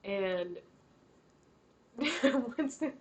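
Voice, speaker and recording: A woman's voice: a little high, lively intonation, very slow. Giggly young woman running a tabletop game. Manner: giggly, chatty, breaks into laughter. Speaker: game master.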